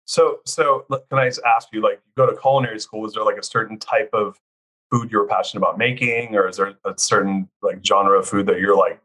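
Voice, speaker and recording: A man hosting a podcast, energetic and enthusiastic, full of exclamations. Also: on the low side. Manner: hyped, enthusiastic, rapid exclamations. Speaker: podcast host.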